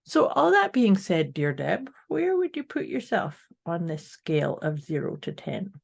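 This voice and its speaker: Gravelly-voiced woman podcast co-host. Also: on the low side, huge pitch swings, measured pace. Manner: upbeat, addresses listeners directly. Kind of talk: casual motivational chat.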